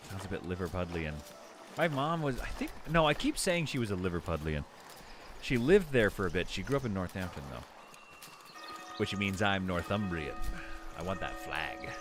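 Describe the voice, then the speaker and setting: A man's voice: deep voice, big pitch swings, moderate pace, over music. A man giving casual live commentary while he plays a city-building game, rambling and correcting himself as he thinks aloud.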